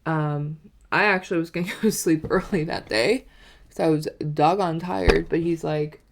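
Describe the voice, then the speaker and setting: A woman's voice: sits low, moderate pace, creaky. A woman in her twenties telling a dating story in a rambling, casual way, with lots of "like" and "you know". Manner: animated, acts out quoted lines. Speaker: vlogger.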